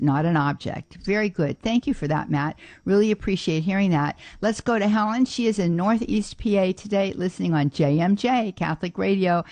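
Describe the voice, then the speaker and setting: A woman hosts a call-in radio show in a chatty, exclamatory way. Her voice sits on the lower side. The sound is dry and close. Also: darkish tone, dry recording.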